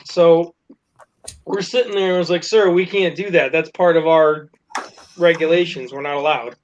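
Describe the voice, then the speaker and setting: A man's voice: on the high side, fairly even intonation, normal speed. A man telling a story casually to friends, laughing, swearing and acting out the quotes. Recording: dull lo-fi recording with faint noise.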